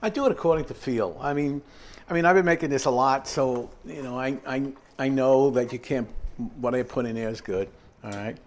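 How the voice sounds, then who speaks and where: A man's voice: mid-range voice, brisk. An older man demonstrating a recipe in his home kitchen, rambling and chatty with many fillers and asides. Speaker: home cooking host. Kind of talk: casual cooking demonstration.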